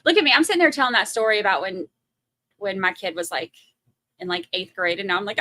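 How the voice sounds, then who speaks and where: A woman's voice: mid-range voice, quick pace, pushed and bright, no room sound. A woman in her forties with a Southern US accent, rambling and chatty as she hosts a casual livestream commentary. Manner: chatty, rambling, heavy on fillers. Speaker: livestream host.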